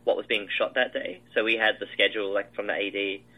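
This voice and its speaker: A man's voice: lowish voice, fairly even intonation, fast talker, phone-quality sound. A man, a film director, describing his shoot in a casual interview, rambling with many fillers and restarts.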